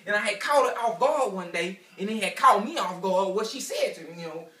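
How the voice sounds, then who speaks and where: A man working through a stand-up set, rambling and repeating his lines as he goes. His high, bright voice rings through an echoey room, caught by a camera some distance from him. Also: expressive, brisk. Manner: loose, repetitive storytelling with asides to the crowd. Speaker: stand-up comedian. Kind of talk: stand-up comedy routine. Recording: echoey room picked up from afar.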